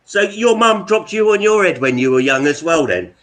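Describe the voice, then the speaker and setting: A man co-hosts a live stream, teasing and joking in casual banter. His voice is bright and fairly high, and it swings widely in pitch. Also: lively intonation, normal speed. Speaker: co-host.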